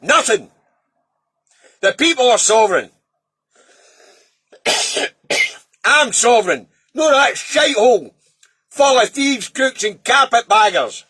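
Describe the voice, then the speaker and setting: A Scottish man delivers a heated, sweary rant, his fairly high voice swooping up and down with every jab. The tone is bright and edgy but husky around the edges. The sound is close and dry. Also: very animated, slow, pauses often, dry recording. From Scotland. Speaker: political video commentator. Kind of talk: angry ranting monologue.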